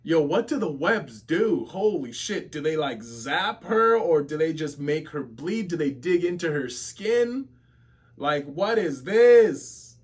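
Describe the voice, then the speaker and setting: Male webtoon reactor, unhurried but swinging wildly in pitch, constant slangy outbursts. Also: breathy edge. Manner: exclaims constantly, slangy and animated. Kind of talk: excited reaction commentary. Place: home office.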